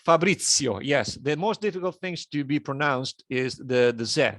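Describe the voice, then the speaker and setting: A man with an Italian accent chats on a video call, hesitant and full of fillers and restarts. His voice sits at a middle pitch with a dry, close sound. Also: normal speed, fairly bright tone, no echo. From Italy. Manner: hesitant, many fillers and restarts, laughs often. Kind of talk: casual online meeting chat.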